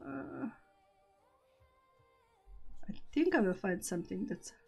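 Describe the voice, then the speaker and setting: A woman's voice: mid-range voice, big pitch swings, takes it slowly, creaky, mellow, husky, soft background music. Giggly woman chatting on a live stream. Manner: giggly, self-conscious, breaks into laughter. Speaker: streamer host. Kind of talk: casual live-stream chat and poem reading.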